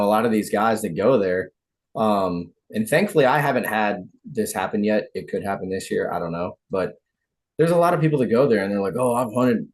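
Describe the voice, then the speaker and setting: A man hosting a podcast in relaxed, casual chat, trailing off quietly at the end of thoughts. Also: fairly low pitch. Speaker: podcast host.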